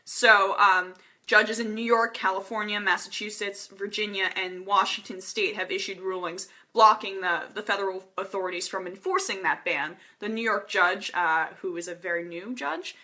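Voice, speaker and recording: Young woman, bright tense voice, emotional, earnest, fillers and laughs, live-stream commentary. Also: medium pitch, normal speed, hardly any pauses. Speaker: political news producer hosting a live stream. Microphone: webcam or phone.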